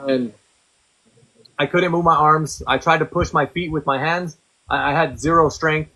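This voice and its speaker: A man's voice: on the high side, steady tone, normal speed, pushed and bright, rough recording. A man guest on a podcast, bluntly and profanely recounting a personal story in casual conversation.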